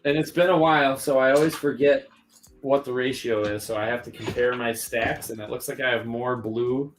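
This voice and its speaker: A man's voice: medium pitch, fairly even intonation, moderate pace, a little hiss or hum. A male guest on a live stream, easygoing and joking, swearing casually. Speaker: guest customizer. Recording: echoey room sound.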